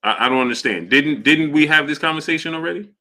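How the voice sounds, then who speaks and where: A man's voice: fairly high pitch, fast. Argumentative man hosting a live stream. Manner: argumentative, repeats himself, shouts out chat names. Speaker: boxing live-stream host. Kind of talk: casual live-stream commentary.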